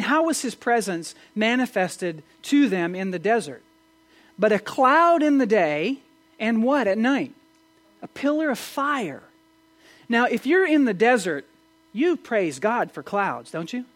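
A man preaching a sermon as pastor, animated and asking his listeners questions, with frequent restarts. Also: sits high. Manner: animated, asks the audience questions, many restarts.

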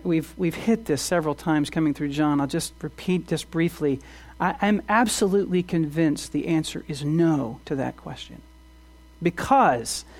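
A man preaching a sermon as pastor, earnest, asking the congregation rhetorical questions and often restarting his words. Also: high-pitched.

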